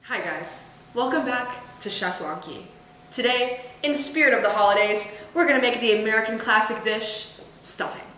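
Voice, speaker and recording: A woman's voice: on the high side, moderate pace, fairly bright tone, reverberant, slight background noise. A woman hosting a cooking segment on a school news show, giving step-by-step instructions. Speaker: student cooking segment host. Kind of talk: cooking demonstration.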